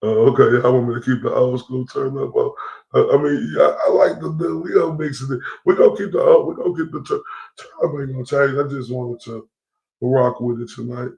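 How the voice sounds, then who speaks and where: A man's voice: mid-range voice, fairly even intonation, fairly quick, creaky, a little mellow, reverberant, rough recording. A man hosting a casual livestream, rambling and repeating himself in heated slangy talk. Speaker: livestream host.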